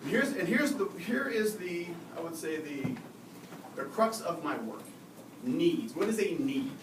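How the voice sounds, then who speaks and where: A man giving a live seminar on behavior, lively and often asking the audience questions. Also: on the high side, unhurried. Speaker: behavior and communication expert giving a talk. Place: lecture room at a faculty club. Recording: roomy, distant mic with audible noise.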